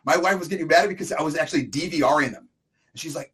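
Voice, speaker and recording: A man's voice: fairly high pitch, lively intonation, rapid-fire, fairly bright tone. A middle-aged man co-hosting a casual chat, telling a long comic story with exaggerations and asides. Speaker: co-host.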